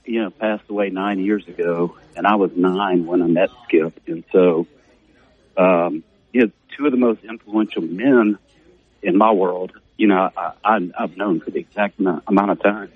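A man's voice: sits low, steady tone, normal speed, slightly rough, no echo. A middle-aged man, a former player as a guest on a casual radio interview, rambling with many fillers. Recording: dull narrow phone-like radio audio, dry.

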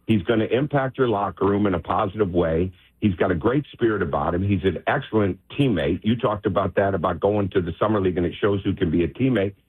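A man's voice: deep voice, fast talker, few pauses, breathy edge. A man, a basketball coach, calling in to a sports radio show and speaking emphatically. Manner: emphatic, insistent. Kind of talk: phone interview on sports radio. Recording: tinny phone line.

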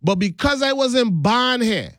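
A man from the United States Virgin Islands with a Virgin Islands accent, giving an impassioned history talk with slow, emphatic stresses. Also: very high voice, expressive, fairly bright tone, no echo.

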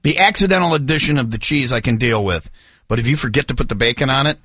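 A man's voice: mid-range voice, fast, no echo. A male morning radio host, joking and bantering casually in the studio. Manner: animated, joking, laughing.

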